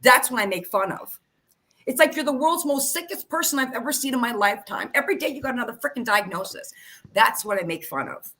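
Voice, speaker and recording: A woman's voice: fairly high pitch, lively intonation, fast talker, bright, forceful tone. A woman hosting a livestream, delivering a heated, profane rant that calls people out directly. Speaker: livestream host.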